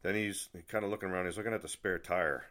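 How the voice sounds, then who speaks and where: A man vlogger telling a story in a rambling, animated rant. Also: low voice, fast talker. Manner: rambling, animated, many restarts and asides.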